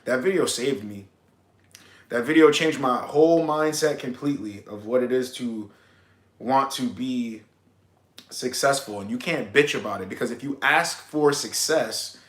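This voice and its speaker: A man's voice: mid-range voice, normal speed, fairly bright tone, echoey room. A young man, a dating coach on a stream, chatting casually in blunt, slangy talk with plenty of swearing. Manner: acts out both sides of pickup scenes. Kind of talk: casual livestream chat.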